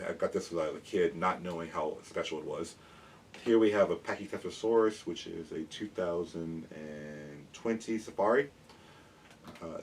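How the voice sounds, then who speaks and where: A man eagerly explaining dinosaurs in a casual show-and-tell, rambling with quick restarts as he holds up figures. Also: low-pitched, a little mellow. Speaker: dinosaur educator and toy collector. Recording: mic at a distance, faint background noise.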